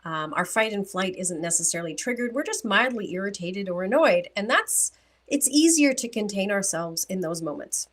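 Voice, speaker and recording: A woman's voice: medium pitch, expressive, moderate pace. A woman co-hosting a relationship podcast, speaking thoughtfully and asking clarifying questions in casual talk. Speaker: podcast co-host.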